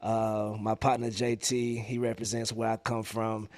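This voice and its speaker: A man, a musician guest, talking in casual podcast chat, relaxed, slangy and heartfelt. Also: fairly low pitch, unhurried, dry recording.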